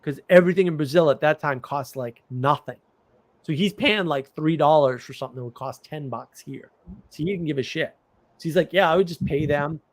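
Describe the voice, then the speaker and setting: An American man livestreams, swapping stories in casual chat and animatedly acting out other people's incredulous outbursts. His pitch is fairly high, he talks fairly quickly, and the recording has no room sound.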